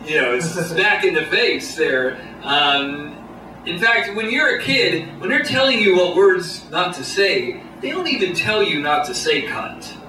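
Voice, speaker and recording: Deadpan stand-up man in an echoey club. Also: sits high. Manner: deadpan, halting delivery with many pauses. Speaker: stand-up comedian. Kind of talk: stand-up set. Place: small comedy club stage. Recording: echoey room, distant mic, noisy. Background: audience laughter.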